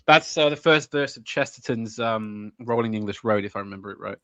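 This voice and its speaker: Bright-voiced man chatting excitably. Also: lowish voice, dry recording. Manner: hesitant restarts, excitable, quick bursts. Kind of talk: casual chat over a video stream. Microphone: desk mic on a video call.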